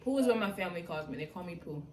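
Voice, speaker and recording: A woman's voice: fairly low pitch, animated, rapid-fire, a little mellow. A young adult woman, animatedly telling a personal story in casual slangy talk, quoting people as she goes. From New York. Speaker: vlogger. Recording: echoey room from far off, faint noise.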